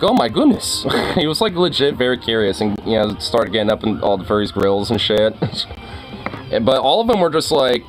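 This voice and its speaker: A young man talks casually to his viewers in a low, relaxed voice, rambling along, laughing often and swearing freely. Faint music plays behind him. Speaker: streamer.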